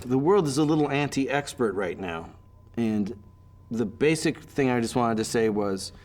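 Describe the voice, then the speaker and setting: A man's voice: medium pitch, animated, unhurried, darkish tone, a little hiss or hum. A middle-aged man, telling anecdotes in an interview in a chatty way, full of fillers. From Canada. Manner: chatty storyteller, many fillers. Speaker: actor being interviewed.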